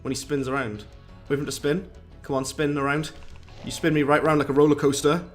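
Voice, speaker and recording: A man delivers chatty, rambling commentary on a live game stream in a brisk, level voice on the high side. He reads viewers' messages aloud and uses British slang, with game music in the background.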